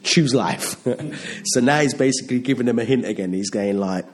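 A man's voice: medium pitch, a little fast, a little mellow. A man preaching a sermon in a conversational style, often restarting phrases and asking rhetorical questions.

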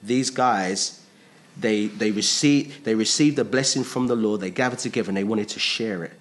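A man's voice: lowish voice, normal speed. A man preaching a sermon. He is emphatic, repeats his phrases and asks his listeners rhetorical questions.

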